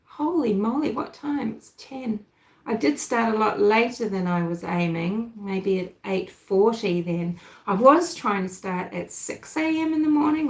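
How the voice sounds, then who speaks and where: A woman from New Zealand with a softened New Zealand accent, hosting a casual true-crime livestream and chatting with viewers. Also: a little high, creaky, roomy sound, low-quality recording. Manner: chatty, thinks aloud, answers live chat. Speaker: livestream host.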